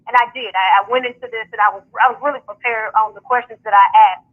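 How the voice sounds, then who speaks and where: A woman's voice: on the high side, fairly even intonation, fast. Woman on a tinny phone line. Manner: upbeat, talks in long runs with fillers. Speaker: founder and host of a sports media outlet, radio guest. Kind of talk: casual radio call-in chat.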